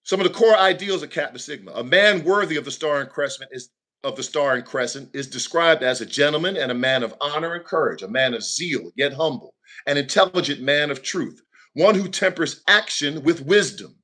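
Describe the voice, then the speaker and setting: A man, a minister, telling a personal story on a talk show in a lively, preacherly way. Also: brisk. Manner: animated, preacherly, shifting pitch for emphasis.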